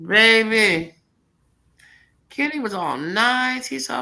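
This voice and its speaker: A middle-aged woman casually telling a personal story, animated and laughing, jumping into high voices for quotes. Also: drawn-out words, creaky, long pauses, rough recording.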